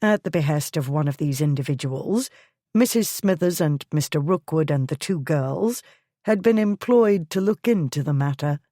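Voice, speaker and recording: A woman narrating an audiobook in a measured, even delivery. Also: low-pitched, no room sound, clean studio sound. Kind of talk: scripted narration.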